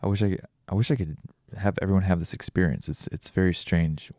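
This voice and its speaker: His voice sits low and steady, mellow, and moves a little fast. Alone on his podcast, this weary host muses aloud in a casual, rambling reflection full of restarts.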